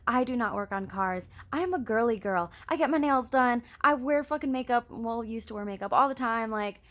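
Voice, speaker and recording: A woman's voice: on the high side, fairly quick, few pauses, fairly bright tone. A young woman with a lisp, talking casually to her camera in a rambling, scattered way and swearing freely. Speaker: vlogger. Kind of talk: casual personal vlog.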